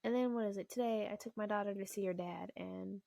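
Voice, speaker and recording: A young woman vlogger tells a story in a blunt, profane rant with a gravelly, fry-laced voice. The sound is dry and close, with no room around it. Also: medium pitch, fairly quick, no echo. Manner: blunt, profane, animated retelling.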